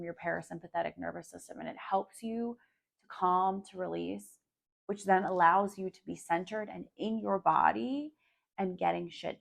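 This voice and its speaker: Gravelly, candid woman podcast host. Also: on the low side. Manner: candid, swears freely, many fillers like "like" and "um"; coaching, speaks directly to listeners. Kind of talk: casual solo podcast monologue.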